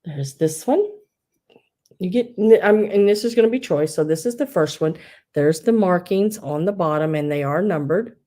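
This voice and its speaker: A woman's voice: on the low side, normal speed, mellow. A middle-aged woman hosting a live online sale, gushing over collectible figurines and reading out bids in a chatty way. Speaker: live online auction seller. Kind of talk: live-stream sale chat.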